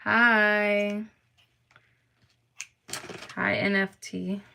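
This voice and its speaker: Slow-talking bright young woman chatting. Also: medium pitch, steady tone, slight background noise. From Florida. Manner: chatty, reads and greets live chat. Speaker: vlogger. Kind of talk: casual chat with viewers. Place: near Atlanta.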